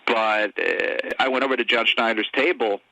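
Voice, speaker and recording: Casual podcast host guy, very bright voice, dry close sound, rambles through stories and does little voices for people. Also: medium pitch, steady tone, moderate pace, creaky, dry recording, low-quality recording. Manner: rambling storytelling, acting out quoted voices. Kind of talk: casual chat.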